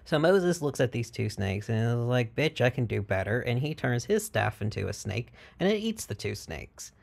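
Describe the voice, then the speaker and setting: A man's voice: mid-range voice, very animated, normal speed, creaky, a little mellow. A man vlogging in a casual, irreverent and profane way, retelling stories and slipping into mock voices. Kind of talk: casual chat.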